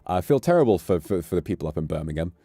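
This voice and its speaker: A man's voice: low voice, very animated, very fast, dark tone, dry recording, studio quality. A British man chatting casually on a livestream, rambling and amused, with offhand swearing. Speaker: streamer.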